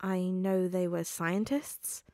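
A woman's voice: fairly low pitch, fairly even intonation, dark tone, no room sound, studio quality. Woman voicing a hesitant teenage boy. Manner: hesitant, halting with ums. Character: nervous grieving teenage boy.

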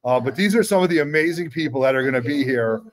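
A man hosting a live comic show, excitedly greeting guests and repeating himself. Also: mid-range voice, fast. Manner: loud, repeats himself, exclaims often. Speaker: show host. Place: comic convention floor.

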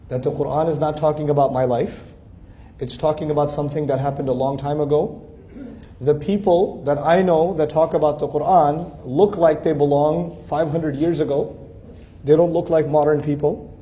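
A man's voice: a little high, mellow. A man giving a conversational religious lecture, earnest and building his points through emphatic repeated lists. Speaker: speaker giving an Islamic talk.

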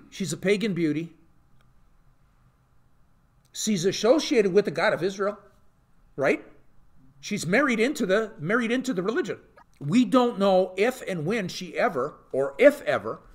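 A man, a pastor, teaching an informal Bible study to a live group, often asking rhetorical questions. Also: high-pitched. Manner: animated, peppers talk with rhetorical questions and "okay?".

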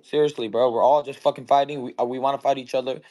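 A man's voice: mid-range voice, fairly even intonation, quick pace, mellow. A young man in his twenties, a boxer talking bluntly and heatedly in casual chat, swearing constantly. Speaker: boxer guest.

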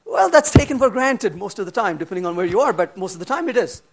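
A middle-aged man lecturing at a developer conference, blunt and animated, answering audience questions with humor. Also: sits high, fast talker. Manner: acts out quoted dialogue in changed voices. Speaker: conference speaker. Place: conference room.

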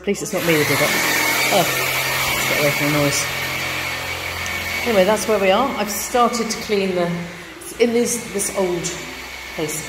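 Brief: wry, chatty woman, a bit tired, handheld vlog in bare rooms with long reverb and steady background noise. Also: lowish voice. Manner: chatty, wry, self-deprecating. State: a little tired. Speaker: vlogger renovating a bungalow. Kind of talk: casual home renovation vlog. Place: empty bungalow under renovation, indoors.

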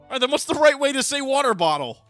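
Young male streamer, high and bright, playful banter, faint game music under him. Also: sing-song, quick pace. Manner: playful, bursts into loud teasing shouts. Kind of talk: casual gaming chat.

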